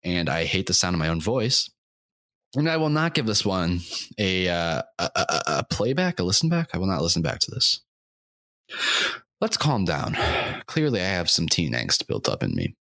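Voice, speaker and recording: A young man in his twenties with a deep voice rambles through a solo comedy podcast, his pitch leaping all over the place. He mocks himself and swerves into bursts of shouting and silly repetition, his throat sore from screaming. The sound is dry and close, with no room around him. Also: wildly swooping pitch, moderate pace, dry recording. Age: 20s. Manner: erratic, self-mocking, swings into shouting and silly sing-song bits. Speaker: podcast host.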